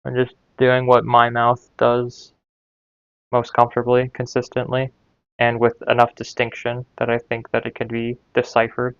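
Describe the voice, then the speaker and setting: A man's voice: mid-range voice, monotone, moderate pace, clear, resonant tone, no room sound, lo-fi sound. A man learning a language, thinking aloud in a casual, hesitant way, trailing off and repeating sounds to himself.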